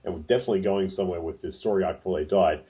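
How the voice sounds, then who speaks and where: Low-voiced joking man, muffled sound. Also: racing. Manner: hesitant, full of ums and jokey asides. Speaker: podcast co-host. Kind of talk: casual chat. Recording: dull lo-fi sound.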